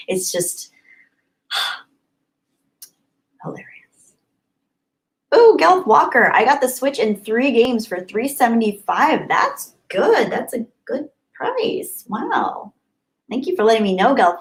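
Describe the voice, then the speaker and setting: A woman's voice: medium pitch, animated, moderate pace, poor audio. Chatty woman, streamer, talks back to chat, frequent laughs, drops to whispers. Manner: chatty, reads viewer comments aloud, laughs often. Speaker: live streamer reading chat. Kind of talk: casual live stream chat.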